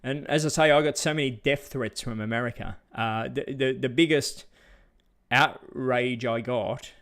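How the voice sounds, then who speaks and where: A man's voice: a little slow, fairly bright tone. Blunt, ranting Australian man. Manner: blunt, ranting, mocks others in high put-on voices. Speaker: vlogger. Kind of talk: casual opinion rant.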